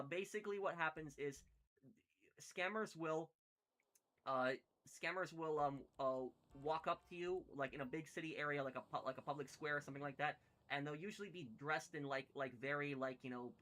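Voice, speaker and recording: A man's voice: a little high, pushed and bright. A man telling stories casually while playing a game, rambling with many fillers and restarts. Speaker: gaming streamer. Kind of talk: casual storytelling while gaming.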